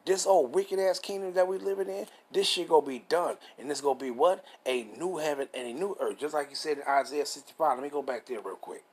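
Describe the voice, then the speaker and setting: A man reading scripture aloud and preaching on it in a casual, rough-edged way, reading verses slowly and stopping to ask rhetorical questions. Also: a little high. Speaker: scripture teacher.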